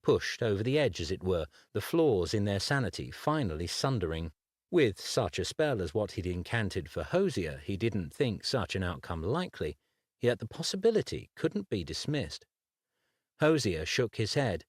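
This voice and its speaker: A man reading a dark fantasy audiobook in measured, scripted narration. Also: fairly low pitch, sing-song, husky, no room sound, clean studio sound. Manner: measured, unhurried storytelling.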